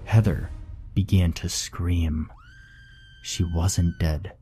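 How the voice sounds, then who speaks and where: A man narrating a horror story in a grave, measured first-person telling. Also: sits low, mellow, slight background noise. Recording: faint background music.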